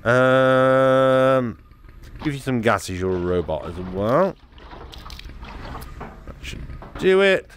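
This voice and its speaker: A man commenting as he plays a VR game, chatting and muttering to himself as he works. His voice is mid-pitched and bounces around a lot as he talks unhurriedly, with faint noise behind him. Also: animated, drawn-out words, pauses often. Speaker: gaming YouTuber.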